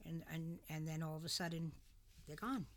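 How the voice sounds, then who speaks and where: Low-voiced woman chiming in supportively. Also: fairly even intonation, moderate pace, slight background noise. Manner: brief supportive interjections. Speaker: podcast host. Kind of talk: casual chat.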